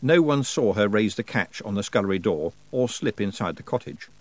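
A man narrating a story in an expressive storytelling manner. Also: lowish voice, normal speed, dry recording, rough recording. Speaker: audiobook narrator. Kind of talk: scripted narration.

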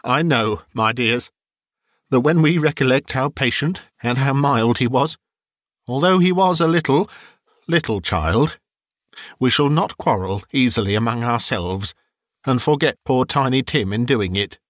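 A man voicing a kindly grieving father in an audiobook, with a tender, earnest tone pitched a bit above his own reading voice. The sound is close and dry. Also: expressive, measured pace, dry recording, lightly acted. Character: kindly grieving father, gentle and warm-hearted.

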